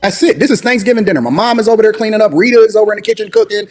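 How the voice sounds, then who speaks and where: A man in his forties telling a story in an animated way, loudly acting out what people said. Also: high-pitched, faint music behind. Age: 40s. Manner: rapid, acts out quoted dialogue loudly. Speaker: podcast storyteller.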